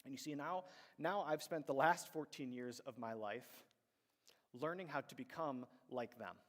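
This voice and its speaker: A man's voice: mid-range voice, moderate pace. Casting note: male pastor, storytelling sermon, ringing church reverb. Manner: conversational storytelling, acts out quoted voices. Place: church sanctuary.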